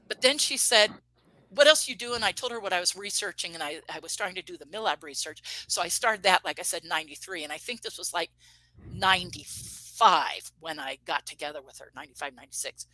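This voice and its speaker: A woman in her fifties with a lowish, bright, forceful voice talks fast as an interview guest telling a personal story. She animates the quoted dialogue and restarts sentences along the way. The recording is dry and close with no room sound, though low in quality.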